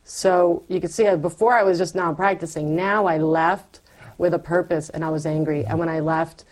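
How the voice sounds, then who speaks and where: This is a middle-aged woman with a lowish voice and moderate pace. She tells how she came to faith, chatting openly and energetically while impersonating her earlier self.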